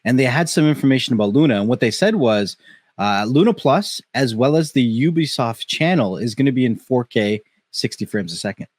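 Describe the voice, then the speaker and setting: A man co-hosting a tech podcast, thinking aloud in a loose, chatty way with plenty of "you know" and "right." His pitch is ordinary for a man, and the sound is dry and close. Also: lively intonation, brisk, a little mellow, no room sound. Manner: musing, conversational, uses "you know" and "right". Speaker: podcast co-host. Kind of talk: casual tech podcast chat.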